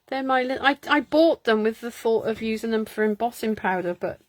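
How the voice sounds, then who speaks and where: A woman's voice: fairly high pitch, a little fast, dry recording. A woman hosting a live card-making stream, chatting, muttering to herself and laughing as she works. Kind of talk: casual live crafting chat.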